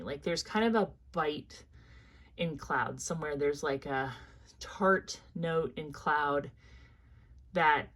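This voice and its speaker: Chatty Midwestern woman reviewing perfumes. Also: deep voice. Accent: Midwestern American. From American Midwest. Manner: chatty, thinking aloud, lots of fillers. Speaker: fragrance reviewer. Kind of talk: casual product review.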